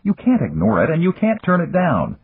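An insistent official presses his point in a raised, very husky voice, as a male narrator puts him on. The audio is tinny and phone-like. It is read as a storybook scene. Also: fairly high pitch, huge pitch swings, brisk, dry recording, pitched above the performer's own voice, full character voice. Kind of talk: audiobook character voice.

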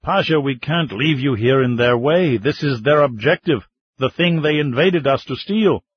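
A man's voice: mid-range voice, lively intonation, moderate pace, breathy edge. A man voicing a mining company chief who firmly reasons with an old man. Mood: urging. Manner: reasoning, firm. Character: middle-aged male mining company chief. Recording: dull, slightly muffled audiobook sound.

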